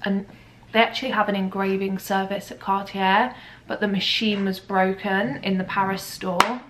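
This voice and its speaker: A woman's voice: medium pitch, fairly even intonation, normal speed, noisy background. A young woman chatting casually to camera at home, gushing and rambling with lots of "like"s. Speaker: vlogger. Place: at home, kitchen.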